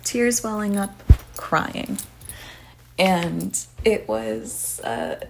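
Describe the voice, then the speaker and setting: A woman's voice: mid-range voice, expressive, takes it slowly, vocal fry, slight background noise. A woman hosting a casual podcast, rambling with lots of filler words and cursing freely. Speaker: podcast host.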